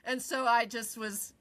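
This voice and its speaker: A woman in her forties tells a personal story in casual podcast chat, her voice bright and a little high. She is animated, swears freely and laughs often as she goes. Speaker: podcast co-host.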